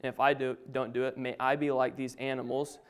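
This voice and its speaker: A man's voice: mid-range voice, little pitch movement, a little fast, smooth. A young man giving an informal Bible talk to his family, a little nervous, with casual asides and chuckles. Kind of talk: informal sermon.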